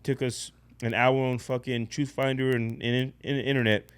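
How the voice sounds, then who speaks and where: A man casually telling a personal story in a blunt, profane, animated way as a podcast guest. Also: medium pitch, normal speed, clean tone.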